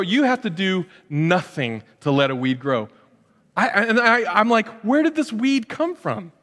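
A middle-aged male pastor preaches with a lively, high-pitched voice, slipping into playful voices and asides. His words ring out with a long reverb, as if in a big sanctuary. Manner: animated, acts out voices and asides. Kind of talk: sermon.

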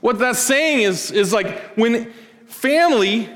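A man's voice: very high voice, expressive, slow, fairly bright tone, long reverb tail. A male pastor preaching in a conversational, joking way, acting out little everyday scenes. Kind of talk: sermon. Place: church.

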